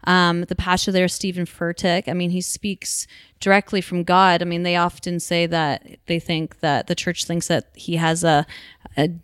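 A woman's voice: fairly low pitch, little pitch movement, normal speed, clear, resonant tone, no room sound, studio quality. A woman in her thirties talking earnestly as an interview guest, with many restarts and rambling sentences. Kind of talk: casual conversation.

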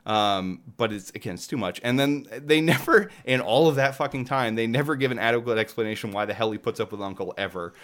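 A man's voice: mid-range voice, fast talker, hardly any pauses. A young man casually chatting about a video game. He swears freely and laughs often. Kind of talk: casual chat.

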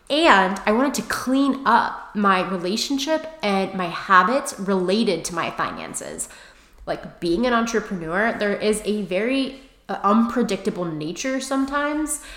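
Woman podcaster rambling along with lots of "like", roomy echo on the voice. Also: mid-range voice. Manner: chatty, fills speech with "like"; expressive storyteller. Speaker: podcast host. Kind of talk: casual spiritual self-help talk. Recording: echoey room.

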